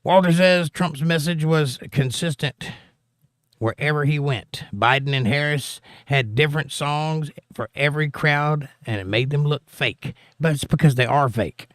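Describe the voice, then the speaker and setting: A man's voice: a little high, measured pace, a bit bright, no echo, clean studio sound. A man with a Southern accent hosting a casual political livestream, reading viewer comments aloud with wry, joking asides. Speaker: livestream host.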